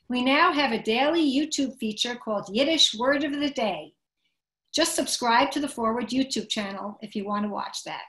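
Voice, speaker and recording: A woman host, an editor, reading a scripted introduction and then interviewing a guest on a video call, measured and clear. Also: on the high side, fairly bright tone. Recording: echoey room on a video call.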